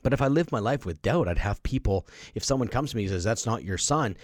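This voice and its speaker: A man's voice: mid-range voice, animated, fast, a little mellow, no echo, studio quality. A middle-aged man hosting a podcast, speaking emphatically in a motivational monologue and acting out the voices of people he quotes. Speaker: podcast host.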